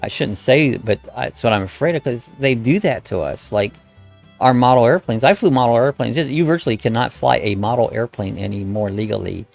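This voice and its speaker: A man's voice: mid-range voice, brisk, gravelly, a little mellow, soft background music. A middle-aged man hosting a casual live chat, rambling in a folksy way and greeting viewers by name as he reads their comments. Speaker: host of a live chat stream.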